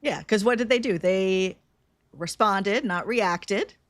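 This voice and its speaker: A woman co-hosting a podcast, her voice in the middle of the usual range. She speaks in a measured way and asks thoughtful follow-up questions. The recording is dry and close. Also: medium pitch, no echo. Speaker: podcast co-host. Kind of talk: casual podcast chat.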